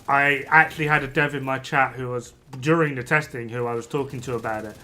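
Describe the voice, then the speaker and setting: A man's voice: medium pitch, fairly even intonation, brisk, pushed and bright. A man streaming a game, ranting in exasperation and swearing freely as he talks to his chat. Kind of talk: casual gameplay commentary to chat.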